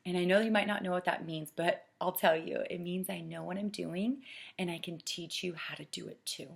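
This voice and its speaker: A middle-aged woman coaching saleswomen, earnest and persuasive, dropping to a soft hush to stress a point. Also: fairly low pitch, steady tone, moderate pace, creaky, breathy edge. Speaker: sales director training consultants. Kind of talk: coaching talk with acted sales pitch.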